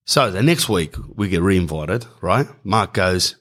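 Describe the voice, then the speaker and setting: A man's voice: low voice, expressive, measured pace, a bit bright. A man in his thirties with an Australian accent, rambling through a comic story in slangy, casual speech. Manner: rambling, slangy, keeps saying bro. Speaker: comedian storyteller.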